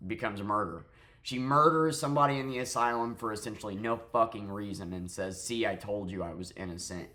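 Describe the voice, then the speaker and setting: A man's voice: fairly low pitch, bright, forceful tone. A tired man who just woke up, giving a rambling, profane spoken review of a TV show and often restarting his sentences.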